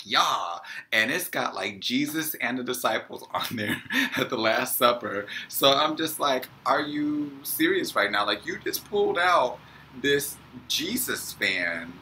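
A young man telling a story casually as a vlogger, animated and acting out the people he quotes. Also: lowish voice, rough recording.

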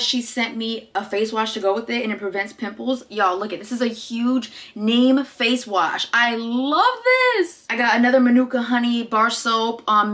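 A young woman vlogger chatting casually while unboxing, excitable and gushing, often calling out to viewers as "you guys". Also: fairly high pitch. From United States. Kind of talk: unboxing vlog chat.

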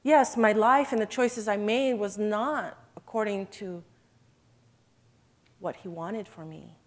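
Woman, earnest church testimony speaker, emotional delivery, middle pitch. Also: takes it slowly. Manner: earnest, emotional, addresses listeners as brothers and sisters. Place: event hall.

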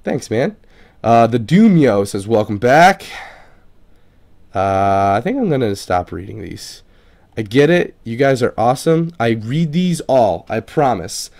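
A man's voice: mid-range voice, very animated, a little slow, darkish tone. A man casually reading viewer comments aloud for his gaming channel. He swears freely and trips over unfamiliar names. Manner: loose and profane, swears casually. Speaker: gaming video creator.

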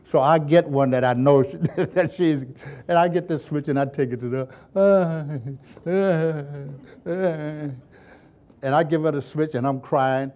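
A man's voice: a little high, measured pace. An older man being interviewed, telling folksy childhood stories and chuckling often as he speaks. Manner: chuckles often while recounting, folksy and lively. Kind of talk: storytelling reminiscence.

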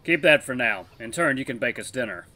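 A man's voice: medium pitch, animated, brisk, sharp tone. A man voicing a young male black wolf butcher who speaks firmly and in short, clipped lines.

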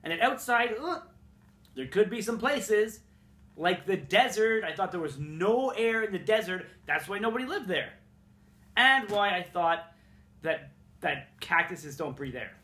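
A man's voice: sits high, expressive, unhurried, sharp tone, reverberant. A young man from Montreal, rambling and swearing as he tells funny childhood stories in a casual vlog. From Montreal, Canada. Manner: rambling, profane, self-mocking. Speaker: vlogger. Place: room in his apartment.

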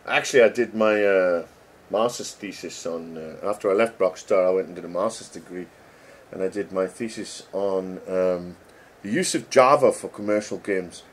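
A middle-aged man with a low, husky voice talks through code at a loose, rambling pace. He reads names aloud and cracks jokes as he goes. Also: moderate pace. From England. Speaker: game developer. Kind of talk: casual commentary while reading code.

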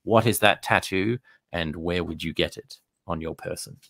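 A man's voice: sits low, moderate pace, vocal fry, a bit bright, no echo. A man with an Australian accent hosting a podcast interview, asking playful quiz-style questions. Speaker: podcast host.

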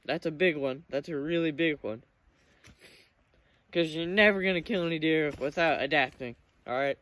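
Teen male vlogger, eager and emotional, repeats himself, higher voice. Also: normal speed. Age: teens. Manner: excited, emotional storytelling with repeated words. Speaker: hunting vlogger. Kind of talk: casual storytelling to camera.

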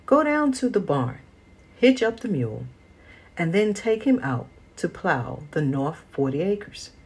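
A woman voicing a stern old grandfather farmer in a storybook, gruff and scolding. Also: fairly low pitch, sing-song, unhurried, darkish tone, full character voice.

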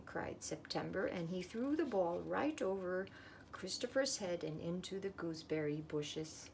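A woman gently reads a children's picture book aloud, with a touch of gravel in her voice. A faint background noise sits under her. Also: on the low side, a little slow. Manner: gentle, expressive read-aloud. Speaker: storyteller.

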